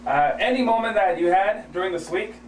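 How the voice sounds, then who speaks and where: A man hosting a radio show, talking with an energetic, loud hype-man delivery. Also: high voice, a little fast, echoey room, far from the mic, a little hiss or hum, low-quality recording. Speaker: radio host. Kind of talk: hyped radio show banter.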